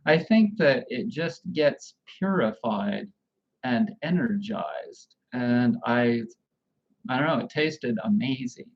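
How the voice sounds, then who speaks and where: A man's voice: medium pitch, lively intonation, takes it slowly, muffled recording. Rambling man chatting on a livestream. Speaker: livestream host. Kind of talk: casual livestream chat.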